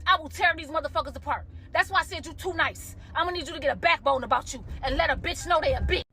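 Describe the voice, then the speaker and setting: A commentator reacting to a viral video: a woman with a high, pushed, bright voice who talks fast. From a car, she delivers a heated, profane, emotional rant to the camera, close to tears.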